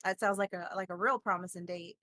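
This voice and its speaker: A woman's voice: on the low side, fairly even intonation, brisk, pushed and bright, dry recording, pitched below the performer's own voice. A woman playing a polite southern belle. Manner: polite, drily brushing him off.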